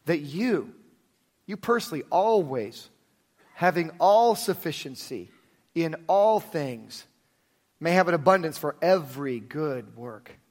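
A man preaching a sermon in an earnest manner, telling stories with energy and guiding the congregation in prayer. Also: fairly high pitch. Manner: earnest, builds to animated storytelling, then drops to soft prayer. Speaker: pastor.

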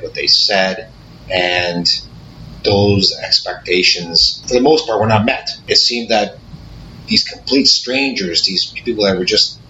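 Lower-voiced man, halting and reflective. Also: bright, forceful tone. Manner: halting, searching for words, with restarts. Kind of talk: reflective conversation. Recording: slightly dull audio with faint noise.

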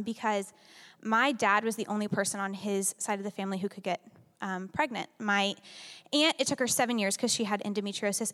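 A woman's voice: medium pitch, fairly bright tone. Young woman sharing a heartfelt testimony. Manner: candid, conversational, emotional storytelling with many "like"s. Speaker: church member giving testimony. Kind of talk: personal testimony to a congregation. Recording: long reverb of a large hall.

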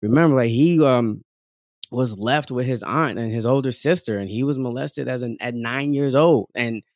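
A man talking in a loose, casual way, circling through thoughts with plenty of fillers. He slips into acted-out voices of other people and laughs along the way. His voice sits at a middling pitch and sounds dry and close, with no room around it. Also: normal speed, no echo. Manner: animated storytelling, acts out quoted voices, laughs often; frequent fillers like "like" and "um". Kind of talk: casual conversation.

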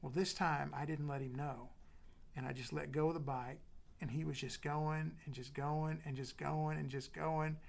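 Gravelly man preaching a sermon. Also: fairly high pitch, steady tone, moderate pace. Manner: drops to soft whispers, then builds with emphatic repetition. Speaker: pastor.

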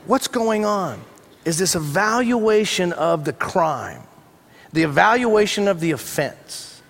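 A man with a high-pitched voice preaches a sermon in a relaxed, storytelling way, dropping in wry, humorous asides. His voice carries a long reverb from a large church sanctuary. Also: unhurried. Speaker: pastor.

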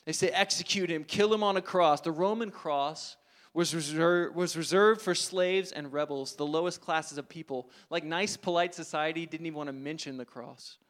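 Storytelling male preacher, slightly high voice. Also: moderate pace. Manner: storytelling, dramatic swings from loud to hushed. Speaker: pastor. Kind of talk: sermon.

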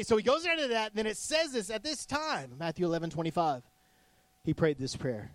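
A male pastor preaching a sermon in a casual, animated way, acting out voices in his stories. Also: high-pitched, fairly quick, no echo. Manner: casual with many "like" fillers.

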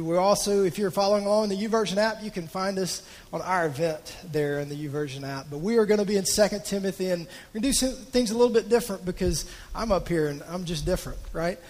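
High-voiced preacher in a reverberant hall. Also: male voice. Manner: conversational, repeats words while telling a story. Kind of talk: sermon storytelling. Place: church auditorium.

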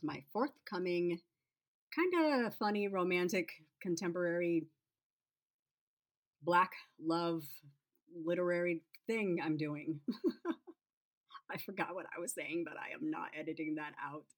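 A woman's voice: on the low side, unhurried. A woman author reading first-person narration from her novel, then chatting casually to listeners. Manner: relaxed, chatty aside. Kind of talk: reading her own fiction aloud.

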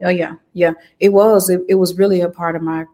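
A woman gospel recording artist, a guest in a conversational interview, telling her story with emotional, animated testimony. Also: on the low side, brisk.

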